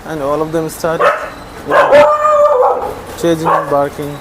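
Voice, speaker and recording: A person narrating a casual video while feeding stray dogs outdoors, talking to the dogs affectionately and calling out their names in high, coaxing calls. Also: little pitch movement, slow, very noisy. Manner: rises to high calls when summoning dogs.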